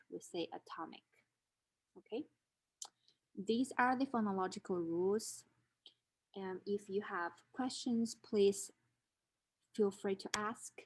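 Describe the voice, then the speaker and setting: A woman's voice: medium pitch, gravelly. A woman instructor giving a methodical recorded lecture, explaining rules step by step with examples. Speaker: linguistics instructor.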